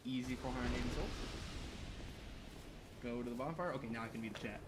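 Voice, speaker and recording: Young male streamer, excitable and profane, rambling play-by-play chatter at mid pitch. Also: a little fast, very noisy. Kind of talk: live gaming stream chat.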